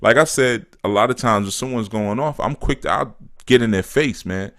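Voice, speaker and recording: A man giving a casual spiritual talk as a teacher, animated and repetitive, often acting out what people say. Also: medium pitch, moderate pace.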